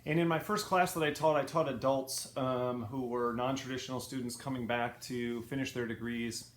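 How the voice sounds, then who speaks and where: A man's voice: mid-range voice, fairly even intonation, normal speed. A middle-aged man with a neutral Midwestern American accent telling a funny personal story with dry, wry asides. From Midwest, United States. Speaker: speaker, former college professor. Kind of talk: storytelling talk. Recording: echoey room with faint ambience.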